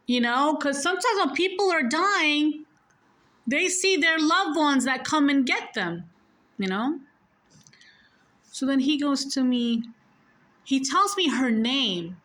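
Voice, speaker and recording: A woman's voice: sits high, sing-song, slow pace, long pauses, fairly bright tone, rough recording. A woman telling a personal story in a casual, rambling way, correcting herself often and swearing freely.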